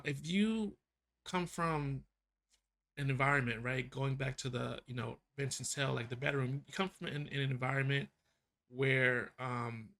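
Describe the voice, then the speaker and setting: A man hosting a music reaction, rambling and excitable, full of fillers and restarts. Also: mid-range voice. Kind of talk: casual reaction commentary.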